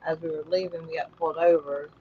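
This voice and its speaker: A woman's voice: low voice, little pitch movement, quick pace, phone-quality sound, a little hiss or hum. Chatty woman co-hosting a home livestream. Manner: chatty, reads viewer comments, yawning. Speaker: co-host of a livestream. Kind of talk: casual chat.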